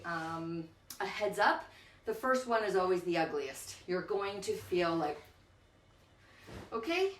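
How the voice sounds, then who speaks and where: Out of breath lady spin instructor counting down intervals, slow talker, echoey room, mic a bit far. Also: medium pitch. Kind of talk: coaching a bike workout. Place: indoors on an exercise bike.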